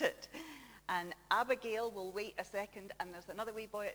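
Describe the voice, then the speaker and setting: A woman giving a chatty children's talk in church, gently teasing the kids and telling a story while projecting her voice without a microphone. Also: medium pitch, fairly even intonation, normal speed, slight background noise. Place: large church. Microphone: faulty microphone, then no mic, projecting her voice. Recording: echoey church with long reverb.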